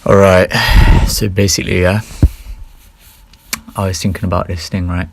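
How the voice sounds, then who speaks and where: A man's voice: low voice, level tone, normal speed, slight background noise. A man talking through his ideas in a casual, rambling solo monologue, often correcting himself mid-sentence. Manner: rambling, self-correcting, offhand. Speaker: solo vlogger.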